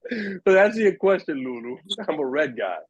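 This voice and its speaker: A young man spins a story for his friends on a podcast, jumping into high, excited voices for the people in it. His voice is a little husky, and the room sounds dry and close. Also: dry recording, lo-fi sound. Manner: animated storyteller, acts out voices in quotes. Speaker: podcast host. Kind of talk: casual storytelling among friends.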